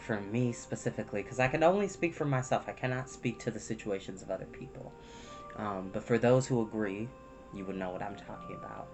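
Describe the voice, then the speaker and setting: A man hosting a storytime channel, talking candidly and emotionally to his viewers, soft-spoken and close to tears, with many pauses. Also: on the low side. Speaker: storytime reader. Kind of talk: candid personal talk to viewers.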